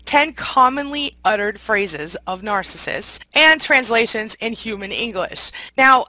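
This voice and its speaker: A woman's voice: fairly high pitch, sharp tone, no echo, low-quality recording. A woman hosting an advice video, talking in an earnest, direct and explanatory way. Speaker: YouTube channel host.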